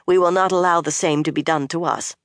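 An audiobook narrator voicing a stern young woman who gives orders briskly and firmly. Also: mid-range voice, fairly even intonation, a bit bright, no room sound, studio quality, lightly acted. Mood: calm. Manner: brisk and firm.

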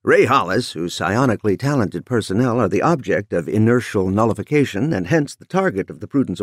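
A man's voice: fairly low pitch, no room sound, clean studio sound. A man voicing a male television news anchor reading a formal bulletin. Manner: formal newsreading.

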